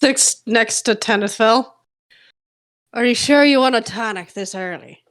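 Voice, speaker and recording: A woman's voice: on the high side, a little slow, a bit bright. Giggly woman player in a tabletop game. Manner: giggly, playful. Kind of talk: casual tabletop role-play. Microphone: online voice call.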